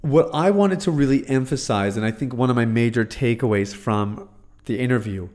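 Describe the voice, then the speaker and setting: Male commentator, earnest and conversational, mid-pitch, halting with fillers. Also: darkish tone. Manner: earnest, hesitant with fillers and restarts. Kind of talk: casual commentary.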